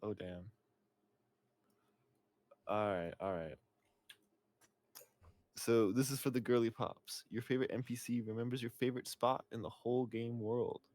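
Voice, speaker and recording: A man co-hosting a stream, reading chat messages aloud in a plain, even way. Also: lowish voice.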